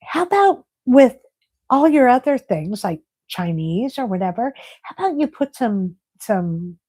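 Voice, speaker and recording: A middle-aged woman hosting a casual live stream, chatting and reading viewer comments aloud in an animated way. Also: fairly high pitch, measured pace, no room sound, poor audio. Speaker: livestream host.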